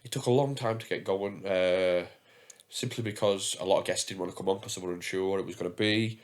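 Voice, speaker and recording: A man's voice: low voice, brisk. Man, young adult, from England, podcast host, casual chat, rambling, filler-heavy. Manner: chatty, rambling storyteller with frequent fillers and swearing.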